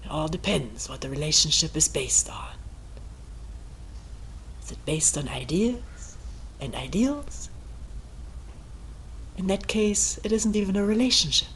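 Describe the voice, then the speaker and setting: A woman meditation teacher giving a calm, thoughtful talk, reading a text aloud and commenting on it. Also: unhurried, long pauses, slight background noise, poor audio. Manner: calm and thoughtful, acting out quoted voices with raised pitch. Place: retreat meeting room.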